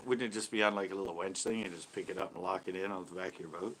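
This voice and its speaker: Middle-aged guy hosting a live stream, kinda low voice, laughs a lot, swears casual. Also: fast talker, pushed and bright.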